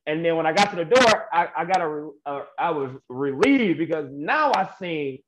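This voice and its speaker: A man's voice: fairly high pitch, lively intonation, moderate pace, crowd noise. A young adult man, a guest wrestler, telling a story in a laid-back, slangy way and laughing often, on a muffled lo-fi recording. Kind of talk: casual storytelling interview. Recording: muffled lo-fi audio with faint noise.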